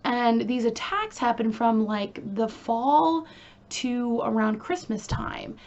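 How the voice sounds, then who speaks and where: A woman's voice: on the high side, expressive, slow, a little mellow, dull audio. A woman hosting a casual true crime video, talking in a chatty, emphatic way with frequent fillers and asides.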